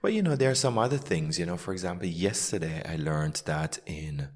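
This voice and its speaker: Male English-coach host, very low register, casual interview, teacherly, demonstrates phrases aloud. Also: expressive, brisk. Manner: explains with spoken example sentences.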